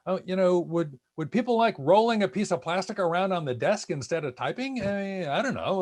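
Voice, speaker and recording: High-pitched guy on a video call, talks fast in bursts, restarts a lot. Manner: animated, restarts often, quick bursts. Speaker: speaker series presenter. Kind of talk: casual panel talk.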